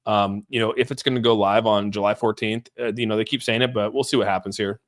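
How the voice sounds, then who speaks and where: A young man hosting a casual crypto livestream. He rambles, laughs often, reads viewer comments aloud and thinks out loud while watching price charts. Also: fairly low pitch, fairly even intonation, fast.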